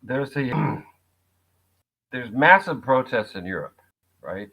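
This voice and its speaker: A man's voice: mid-range voice, lively intonation, slow, fairly bright tone, husky. A man guesting on a talk show, speaking casually and wryly with a sarcastic edge. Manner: wry, sarcastic, laughs at his own jokes. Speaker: guest, actor and writer. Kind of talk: casual conversation. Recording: dull lo-fi sound.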